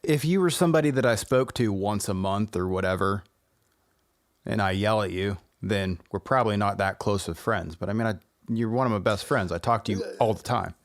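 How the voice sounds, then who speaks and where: A man's voice: lowish voice, fairly quick. A man co-hosting a podcast in casual chat, laid-back and teasing, giving mock-professional advice to his friend. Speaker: podcast co-host.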